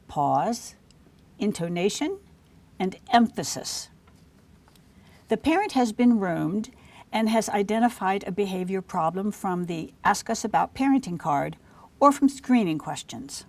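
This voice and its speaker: A woman narrates a scripted training lesson for healthcare staff. Her delivery is clear and measured, with a voice neither high nor low. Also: expressive, darkish tone. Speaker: instructor for healthcare providers.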